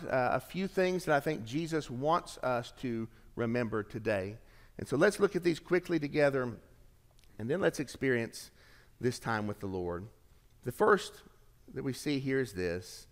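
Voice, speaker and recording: A man preaching a sermon as pastor, swinging from emphatic lines to hushed, low endings. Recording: long reverb of a large hall.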